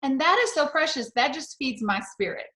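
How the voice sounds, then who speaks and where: A woman's voice: high-pitched, animated, moderate pace, sharp tone. A middle-aged woman giving an enthusiastic, storytelling sales talk on a video call. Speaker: sales director. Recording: echoey room on a video call.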